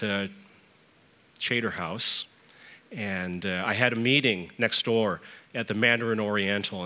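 A middle-aged man, a church elder, preaching a sermon and telling stories, with lively rises in pitch when he stresses a point. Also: long reverb tail.

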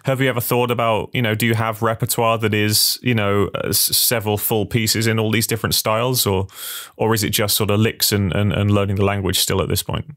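A man's voice: fairly low pitch, level tone, a little fast, a bit bright. A man hosting a podcast interview in a casual, thoughtful way, often restarting and repeating words. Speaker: podcast host.

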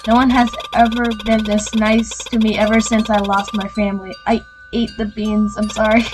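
A guilt-ridden homeless boy in a video game, read by a woman in a voice close to her own: a little high and slow, pleading and apologetic. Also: lightly acted, rough recording.

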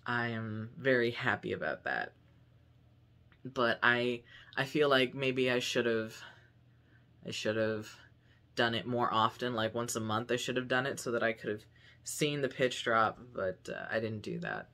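A man's voice: mid-range voice, animated, measured pace, sharp tone. Chatty young trans man vlogging. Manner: chatty, upbeat, rambling with fillers. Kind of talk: casual vlog chat. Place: home room.

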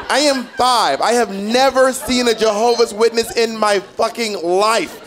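A man performing a stand-up comedy set, animated and sassy, with lots of profanity. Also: sits high, moderate pace, few pauses, noisy background. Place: comedy stage before a live audience. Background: faint audience laughter.

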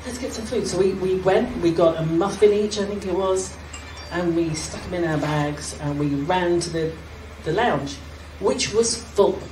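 A woman's voice: lowish voice, a little slow, hardly any pauses. A British woman telling a self-mocking comic story on stage at a fan festival, laughing as she goes. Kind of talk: comic anecdote told on stage. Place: hall at a fan gathering. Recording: distant echoey hall, loud crowd, noise.

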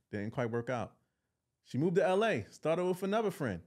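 A man who is a guest on a podcast, talking in casual chat in a playful, joking, animated way. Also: medium pitch, normal speed.

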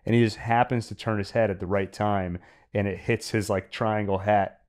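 Male podcast co-host, lower voice, thoughtful film talk with restarts. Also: fairly even intonation, normal speed, a little mellow. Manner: reflective, stammers on restarts. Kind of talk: casual film discussion.

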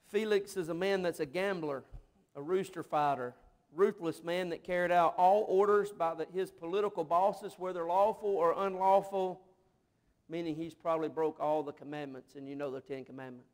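A man's voice: sits high, moderate pace. A man delivering an emotive, story-driven sermon in a church as a missionary pastor. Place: church sanctuary.

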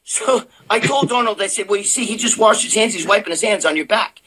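An older man co-hosting a live show from his sister's house, telling loud, profane stories in casual chat. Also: sits high, brisk, husky. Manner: loud, profane, animated storyteller. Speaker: co-host of a bodybuilding live show.

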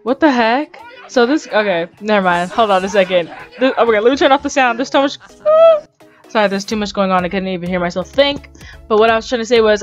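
A woman gaming YouTuber giving casual game commentary, chatty and excitable, rambling along and often laughing. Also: a little high.

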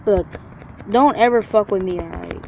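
A man narrating his gameplay in a brash, trash-talking way, cursing at everyone on screen. His voice sits at an ordinary pitch for a man. The recording sounds dull and lo-fi, with a faint hiss underneath. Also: normal speed. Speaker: gamer. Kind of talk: profane let's-play commentary.

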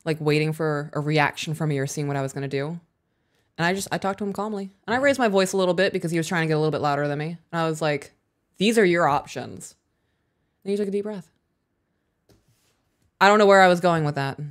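Low-voiced woman podcast co-host. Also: fast talker. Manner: candid, animated storytelling, swears freely. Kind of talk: casual podcast chat.

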